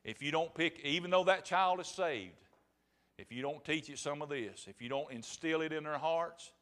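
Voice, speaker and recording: Man, preacher, sermon, folksy, emphatic, slightly high voice. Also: normal speed, a bit bright.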